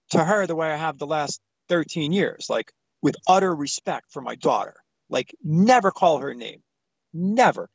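A man in his thirties calling in to a talk show, retelling a story with animated, acted-out quotes. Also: fairly high pitch, unhurried, vocal fry, dry recording. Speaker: caller. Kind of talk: phone-in storytelling. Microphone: phone call. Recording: dull lo-fi phone-in audio, dry.

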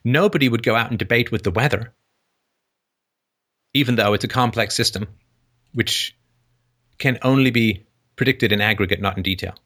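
A man's voice: mid-range voice, moderate pace, pauses often, fairly bright tone. A man hosting a call-in show, talking in a loose, digressive way and acting out little dialogues. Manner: digressive, acts out dialogues with shifting voices, laughs at own jokes. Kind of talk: casual philosophical call-in talk.

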